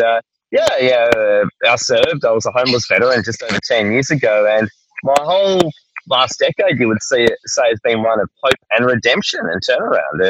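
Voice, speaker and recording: A man's voice: medium pitch, lo-fi sound. A man with an Australian accent, a guest in a casual interview, upbeat and joking. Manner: upbeat, joking, lively intonation. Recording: faint background noise.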